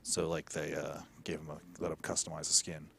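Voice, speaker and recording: A man's voice: rumbling low, completely flat delivery, brisk, vocal fry, sharp tone, faint music behind. A young man streaming games, chatting casually, swearing freely and ranting about the match. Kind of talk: casual gaming chat.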